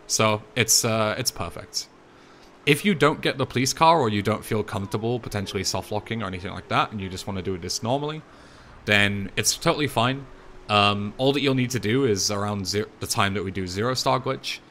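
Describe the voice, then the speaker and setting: A young man with an English accent, talking through a speedrun tutorial voice-over in a relaxed, chatty way, with plenty of fillers and restarts. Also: fairly low pitch, a little hiss or hum. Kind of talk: casual game tutorial voice-over.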